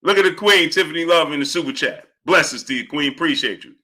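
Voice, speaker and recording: A man hosting a live stream, greeting viewers by name and repeating catchphrases in a lively way. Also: on the high side, fast talker. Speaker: live-stream host reading viewer chat. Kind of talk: casual live-stream chat.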